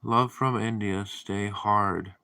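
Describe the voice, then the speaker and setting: Sleepy deadpan guy on a stream reading out chat comments, low voice but kinda sharp and bright. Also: slow pace, creaky. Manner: reads viewer comments aloud and answers them. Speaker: livestream host. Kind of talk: casual livestream chat.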